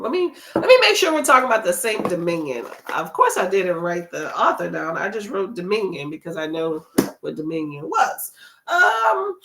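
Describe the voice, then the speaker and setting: Chatty woman hosting a livestream, lively voice. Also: fairly low pitch. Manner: chatty, laughs often, reads out chat comments. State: runny nose, under the weather. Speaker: livestream host. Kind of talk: casual livestream chat.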